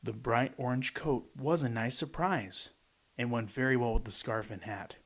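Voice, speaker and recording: With a husky, mid-range voice at a moderate pace, this reader shares a rhyming picture book aloud. Between pages, he adds playful, chatty commentary.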